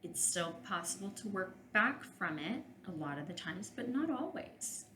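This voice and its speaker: A woman's voice: mid-range voice, sing-song, moderate pace, bright, forceful tone, echoey room, a little hiss or hum, rough recording. A woman, a couples therapist and podcast host, giving frank, direct advice in a solo monologue.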